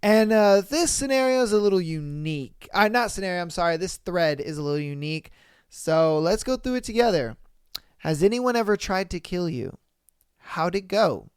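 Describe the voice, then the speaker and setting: A young adult man hosting a podcast, reading stories aloud and reacting with animated, profane exclamations on a close mic. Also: high voice, normal speed, clean tone, dry recording. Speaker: podcast host.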